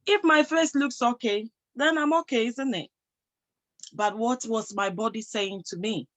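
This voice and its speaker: Slow, emphatic woman speaker. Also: a little high, a bit bright, rough recording. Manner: emphatic, asks rhetorical questions and answers them. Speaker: motivational speaker and health professional. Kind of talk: motivational talk to an audience.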